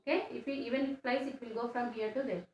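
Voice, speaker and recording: Woman teacher, high voice, slow repetitive classroom delivery, echoey room. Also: steady tone, darkish tone. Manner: slow, repetitive explaining with question tags. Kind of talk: classroom science lesson. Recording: echoey room, faint background noise.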